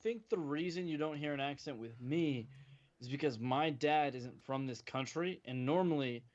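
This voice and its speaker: A man's voice: on the high side, moderate pace, a little mellow, muffled recording. Chatty guest man from New Jersey. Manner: chatty storyteller, repeats words. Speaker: podcast guest. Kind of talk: casual chat.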